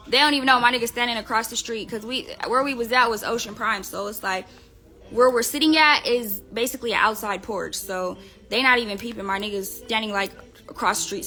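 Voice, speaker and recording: A woman's voice: a little high, sharp tone. A woman telling gossip on a live stream in a casual, profane, rambling way, full of fillers. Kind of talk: casual storytelling rant.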